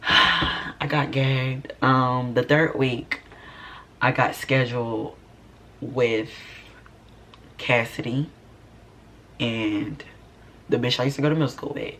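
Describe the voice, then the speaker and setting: A man's voice: medium pitch, slight background noise. Sassy young man telling a story. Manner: animated, sassy, slangy storytelling. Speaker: vlogger. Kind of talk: storytime vlog.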